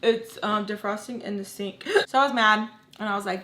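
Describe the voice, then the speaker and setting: A woman's voice: medium pitch, fairly even intonation, brisk, pushed and bright. Young woman venting through a storytime. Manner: heated, venting, many "like" fillers. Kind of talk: casual storytime vlog. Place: at home with children nearby.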